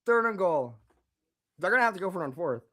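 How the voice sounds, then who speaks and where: A man reacting live to a football game, swinging from low muttering to angry shouting and repeating words. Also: very animated, quick pace. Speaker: fan reaction streamer.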